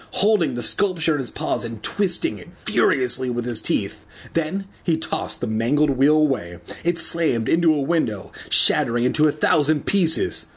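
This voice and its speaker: A man reading a children's horror novel aloud, shrieking the characters' lines and breaking off for crude, joking asides. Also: breathy edge. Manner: animated, jumps to shrill shrieks for characters, swears in asides.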